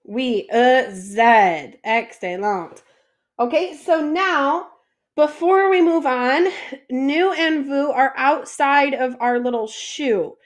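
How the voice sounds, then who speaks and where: A woman's voice: sits high, slow. A woman teaching a French lesson, patiently asking questions and then answering them herself. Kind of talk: classroom lesson explanation.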